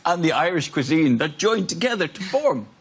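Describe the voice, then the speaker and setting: A male comedian delivering slow, self-pleased quips and chuckling at his own jokes. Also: on the high side, very animated, slightly rough. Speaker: panel show comedian. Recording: TV studio, loud audience laughter.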